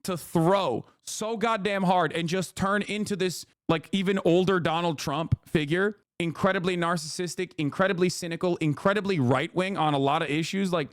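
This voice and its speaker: Animated, profane man streamer. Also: high-pitched, moderate pace, hardly any pauses, no room sound, clean studio sound. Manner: animated, profane, laughing often. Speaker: streamer and political commentator. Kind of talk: casual reaction commentary.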